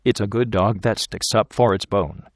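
Man reading rough working-class young man, blunt, folksy ungrammatical speech, low voice, dry close sound. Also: steady tone, normal speed, no room sound, close to an everyday voice. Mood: earnest. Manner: plain-spoken ungrammatical folksy talk. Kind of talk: audiobook character reading.

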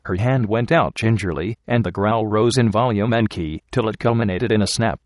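A male audiobook narrator who reads in a measured, even storytelling manner. His voice sits low, and the recording is close and dry, with no room sound. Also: no echo.

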